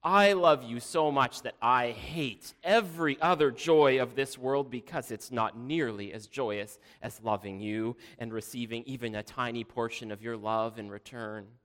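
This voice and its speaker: Give me a man playing a falsely humble second princess, high and gushing, in a reverberant hall. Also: a bit bright, lightly acted. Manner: high, drawn-out, one-upping gush. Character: showy second royal daughter, falsely humble.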